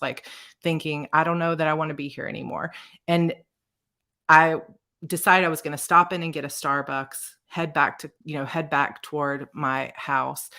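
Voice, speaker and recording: Gravelly, bright-voiced woman telling a personal story. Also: low voice. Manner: emotional, near tears, halting restarts. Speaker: author and video host.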